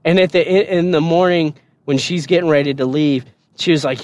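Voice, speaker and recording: A man's voice: fairly high pitch, a little fast, background noise. A man casually telling a story on a podcast, swearing often and laughing.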